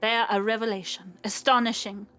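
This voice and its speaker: A woman's voice: medium pitch, fairly even intonation, a little fast, fairly bright tone, lightly acted. A woman putting on a mock villain-like foreign accent to read out a male scientist's formal report during a game playthrough. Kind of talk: reading a game log aloud in a put-on accent.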